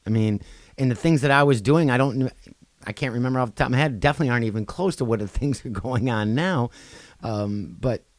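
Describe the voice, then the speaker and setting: A man co-hosting a podcast in casual chat, getting loud and animated when he tells a story, then dropping low. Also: fast, no echo. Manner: animated, swings loud for quoted outbursts, then drops low. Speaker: podcast co-host.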